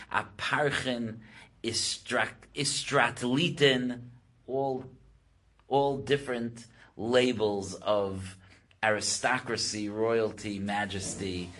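Man, rabbi, Torah lecture, husky voice, restarts while thinking aloud. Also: medium pitch, steady tone, slow pace, a bit bright. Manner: explains Hebrew texts in English, voice rising when quoting.

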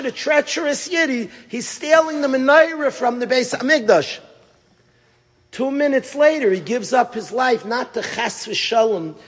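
A middle-aged man, a rabbi who teaches at a yeshiva, telling a story in a sermon, emphatic and full of rhetorical questions, swinging from loud to hushed. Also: very high-pitched, slightly rough, long reverb tail.

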